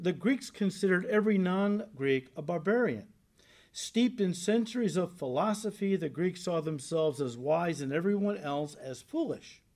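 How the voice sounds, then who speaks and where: A male pastor giving a conversational sermon, rising into emphatic bursts and dropping low and soft on solemn points.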